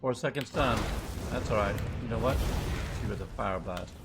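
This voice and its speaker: A man's voice: lowish voice, normal speed, heavy background noise. A man streaming a game live, chatting and thinking aloud in a loose, rambling way as he plays. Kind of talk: live gameplay commentary.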